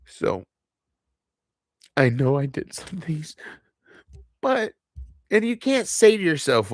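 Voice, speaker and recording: A man speaking in an unscripted confessional monologue to his viewers, halting and heavy, often restarting and trailing off. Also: on the high side, big pitch swings, no echo, clean studio sound. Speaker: channel host.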